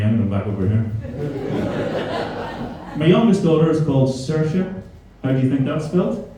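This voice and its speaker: A man's voice: medium pitch, expressive, moderate pace, dark tone, slight background noise. A man from Belfast with a Belfast accent, performing a stand-up comedy set with crude, mocking banter aimed at the crowd. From Northern Ireland. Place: comedy club stage before a live audience. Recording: very echoey room, voice from a distance.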